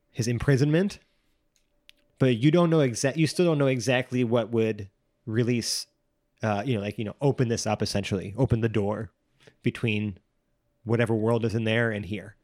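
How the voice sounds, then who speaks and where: A man's voice: mid-range voice, normal speed, pauses often, a little mellow, no echo, studio quality. A man narrating as game master of a tabletop role-playing game, rambling with many fillers and restarts.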